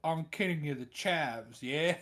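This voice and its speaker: A man's voice: fairly high pitch, takes it slowly, fairly bright tone. Brash mock-British chav tough, swaggering and picking a fight, as a man puts him on, fake accent. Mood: taunting. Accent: fake Cockney-style British.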